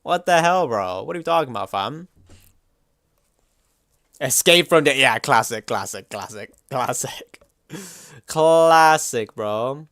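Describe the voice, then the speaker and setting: A young man livestreaming, chatting casually and reacting to chat in a slangy, animated way. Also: medium pitch, slow pace, long pauses, no echo, studio quality.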